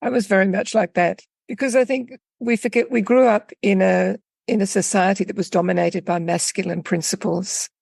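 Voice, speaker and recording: Gravelly, dark-voiced woman guest. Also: mid-range voice, steady tone, no echo. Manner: thoughtful, unhurried, with small restarts. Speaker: guest, coach for women in midlife. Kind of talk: reflective interview talk with storytelling.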